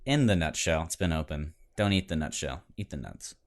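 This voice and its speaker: A man's voice: rumbling low, expressive, fairly quick. A young man co-hosting a podcast, chatting casually about tabletop games in a joking, laid-back way. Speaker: podcast co-host.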